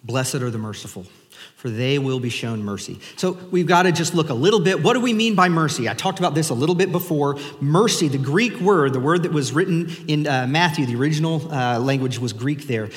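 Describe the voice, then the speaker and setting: A man's voice: fairly high pitch, expressive, fairly quick, in a large hall. A man preaching a sermon as pastor in a casual, conversational way, inviting the congregation to join in.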